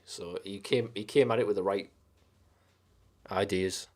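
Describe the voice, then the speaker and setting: A man with a lowish voice talks loosely on a live stream and rambles from one film to the next. He swears freely and gets carried away with enthusiasm. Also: fairly even intonation, a little slow, pauses often, darkish tone. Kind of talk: casual live-stream chat.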